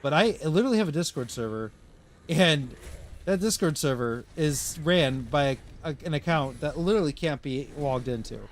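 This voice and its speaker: A man's voice: on the high side, lively intonation, moderate pace, a little hiss or hum. A man streaming a game live, rambling through casual commentary to himself and his chat.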